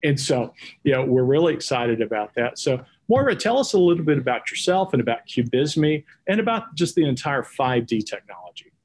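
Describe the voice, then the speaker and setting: A man's voice: mid-range voice, sing-song, fairly quick, a little mellow, husky. Chatty Texan man hosting a show. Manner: chatty, folksy, with many fillers. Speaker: podcast host. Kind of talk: casual interview hosting.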